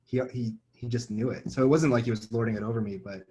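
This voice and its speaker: A man's voice: mid-range voice, steady tone, quick pace, dark tone. A man in his thirties, a podcast guest, talking casually with many fillers and repeats. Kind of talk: casual conversation.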